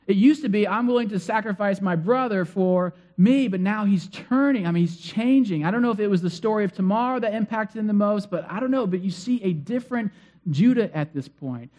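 A man's voice: sits high, darkish tone. A man preaching a sermon and retelling a story in a conversational way, acting out the figures' lines. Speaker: pastor.

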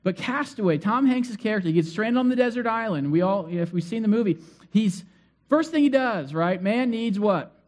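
A man preaching a sermon to his congregation, telling stories in a conversational, animated way, asking the crowd questions and repeating phrases for emphasis. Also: high voice, moderate pace. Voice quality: conversational, animated storytelling with acted-out cries. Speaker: pastor.

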